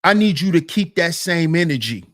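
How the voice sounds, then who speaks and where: A man's voice: on the high side, lively intonation, normal speed, no room sound, studio quality. Emphatic man reacting to a clip. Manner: emphatic, repetitive, talks to the chat. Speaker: commentator.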